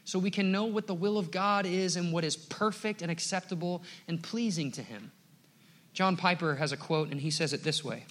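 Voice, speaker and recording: Young male pastor, a touch high-voiced, earnest sermon delivery with casual asides. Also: normal speed. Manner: earnest preaching, swells loud on exhortations, says "man" as filler.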